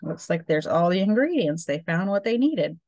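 A woman teacher reading a chapter book aloud to children, pausing to explain reading habits patiently. Her voice sits low, and the sound is dry and close. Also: very animated, a little mellow, no room sound.

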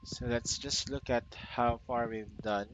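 A man giving relaxed, rambling commentary as he plays a video game. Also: mid-range voice, measured pace, noisy background. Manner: relaxed, rambling, reads game dialogue aloud. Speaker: let's play host. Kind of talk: casual gameplay commentary. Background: game music.

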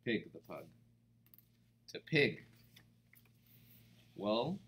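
A man reading a picture book aloud to children, expressive and pausing to explain words. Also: medium pitch.

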